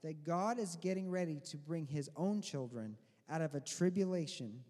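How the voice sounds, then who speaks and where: A man with a high, light voice preaches a sermon in a church sanctuary, sounding emphatic and teacherly. He slows down to lean on key words. A long reverb trails his voice around the hall. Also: warm tone. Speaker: pastor.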